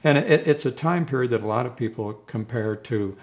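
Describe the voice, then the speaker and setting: A man's voice: mid-range voice, brisk. An older man, a rock drummer, reminiscing in a rambling, casual way during an interview and chuckling between his stories.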